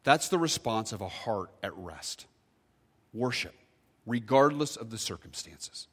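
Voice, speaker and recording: A man, preaching a sermon and telling a story with sudden loud bursts. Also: on the low side, expressive, unhurried, husky, long reverb tail. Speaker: pastor.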